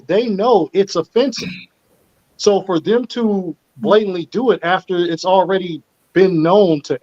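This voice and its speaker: A man's voice: sits high, darkish tone. A man hosting a casual panel discussion, speaking earnestly and with emphasis. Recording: muffled lo-fi audio.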